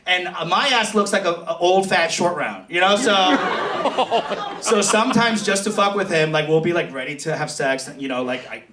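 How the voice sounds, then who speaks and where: A man doing a stand-up comedy set in a club, animated, often jumping into high squeals and low mock voices. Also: fairly quick, few pauses. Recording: echoey club, mic at a distance, crowd noise. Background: laughing crowd.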